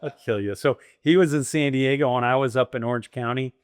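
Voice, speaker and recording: A middle-aged man tells stories as an interview guest. He is animated, breaking into laughs and acting out what others said. His voice sits at a middle pitch and sounds dry and close. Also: brisk, clean tone, no echo. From United States. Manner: animated, laughs often, acts out quoted dialogue. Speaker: guest, former military pilot and franchise owner. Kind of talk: conversational storytelling interview.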